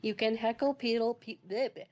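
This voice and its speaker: A woman's voice: on the high side, steady tone, moderate pace, darkish tone, slight background noise. A woman narrating as game master in a rambling way, with many fillers.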